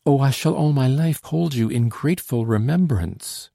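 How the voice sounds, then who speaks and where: A man reading aloud the lines of a young female aristocrat in hiding, formal and gentle. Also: mid-range voice, normal speed, creaky, no echo, clean studio sound, pitched above the performer's own voice. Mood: earnest.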